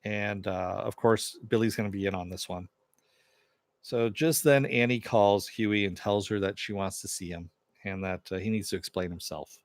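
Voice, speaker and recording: A man's voice: on the low side, normal speed, no room sound. A man casually recapping a TV episode, rambling with lots of fillers and "he goes". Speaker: TV episode reviewer.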